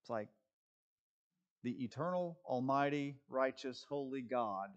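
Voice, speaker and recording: A man's voice: mid-range voice, animated, a little slow, dull audio. A man preaching a sermon as pastor, asking his listeners rhetorical questions, answering them himself and dropping wry jokes along the way. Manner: wry, joking asides.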